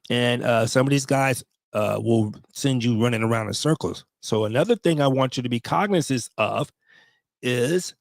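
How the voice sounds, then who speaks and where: A man's voice: medium pitch, dry recording. A man in his fifties, a veteran vlogger, tells a story to his viewers in a blunt, profane way, with emotional asides.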